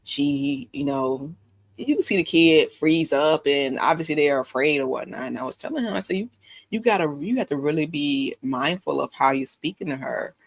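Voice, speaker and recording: A woman telling a story in casual live-stream chat, animated and acting out the voices of the people in it. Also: deep voice, normal speed, no echo.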